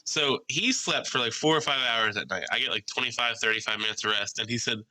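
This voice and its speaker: A young man co-hosting a casual podcast, telling animated stories, swearing freely and mimicking other people's voices. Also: mid-range voice, fairly quick, rough recording. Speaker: podcast co-host.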